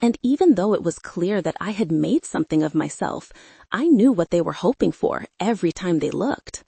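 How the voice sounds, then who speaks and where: A woman narrating an audiobook in a measured, restrained first-person voice. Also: on the low side, expressive, creaky, dark tone, breathy edge, no echo.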